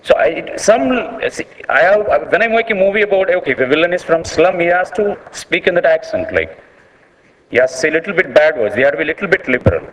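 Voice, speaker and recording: A man's voice: fairly high pitch, sing-song, brisk, fairly bright tone, a little hiss or hum. Earnest Indian man in echoing hall. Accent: Indian English. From South India. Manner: earnest, repeats words and restarts often, leans on "like". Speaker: filmmaker speaking at a panel session. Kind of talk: unscripted public speech. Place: conference hall. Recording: long reverb of a large hall.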